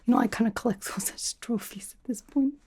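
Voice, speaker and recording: A young woman voicing a brash, teasing female spy who interviews a recruit, in whispered role-play with a soft, half-whispered, rambling way of talking. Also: fairly high pitch, brisk, breathy edge. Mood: playful teasing. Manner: teasing, chatty, self-absorbed, drops articles. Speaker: ASMR creator.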